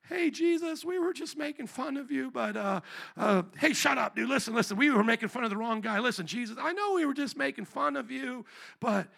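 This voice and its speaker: A man's voice: very high voice, expressive, brisk, gravelly, bright, forceful tone, slightly rough, voice pushed up, full character voice. A man preaching, putting on the voice of a frightened, pleading thief on a cross who stammers nervously. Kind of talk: sermon illustration.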